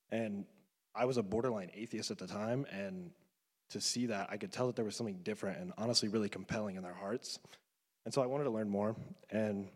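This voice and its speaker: A young man in his twenties tells his faith testimony in an earnest, emotional way, often leaning on casual fillers. His voice sits a little low, and it rings out with the long reverb of a large hall. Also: a little mellow. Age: 20s. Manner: earnest, emotional, loose with fillers like "you know". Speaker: student giving a faith testimony. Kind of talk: personal testimony talk.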